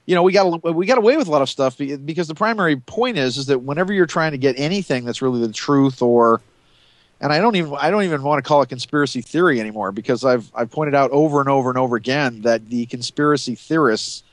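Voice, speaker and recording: A man speaking as a radio guest, halting and restarting often with lots of fillers. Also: medium pitch, animated, no echo. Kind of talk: casual radio interview.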